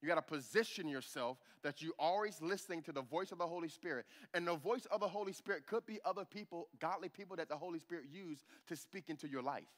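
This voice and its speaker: Pastor, male, higher register, animated sermon delivery, works the congregation. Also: fast talker, few pauses. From United States. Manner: animated preaching, calls to the congregation for amens. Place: church sanctuary.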